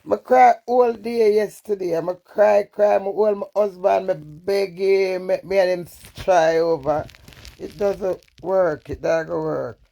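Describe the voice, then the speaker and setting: A woman's voice: medium pitch, unhurried, gravelly, mellow. Blunt, foul-mouthed Jamaican woman. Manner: blunt, profane, swings between defiant and emotional. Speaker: social media personality. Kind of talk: candid live-stream rant.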